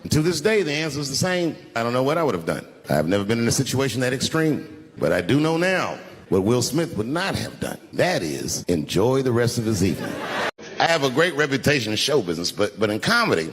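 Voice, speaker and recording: Stand-up comic in his forties, lively. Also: medium pitch. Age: 40s. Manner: storytelling with acted-out dialogue, drawling and swearing. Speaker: stand-up comedian. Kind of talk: stand-up comedy set. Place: large arena stage. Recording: live stage mic, hall reverb, crowd noise. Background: crowd laughter.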